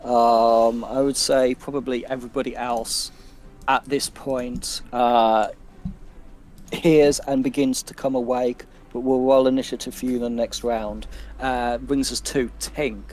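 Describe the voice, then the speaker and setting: Slow, hesitant game master. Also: male voice, medium pitch, flat delivery. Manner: hesitant, many fillers, fumbles with the software. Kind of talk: running a tabletop game.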